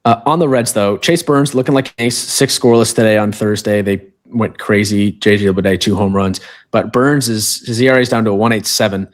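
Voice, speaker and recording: A man's voice: lowish voice, steady tone, fairly quick. A man co-hosting a sports podcast in casual chat, easygoing, running through stats with side remarks. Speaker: podcast co-host.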